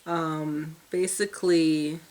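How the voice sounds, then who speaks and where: A woman co-hosting a casual episode review, recapping the plot in a measured way. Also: deep voice, flat delivery, darkish tone. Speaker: podcast co-host.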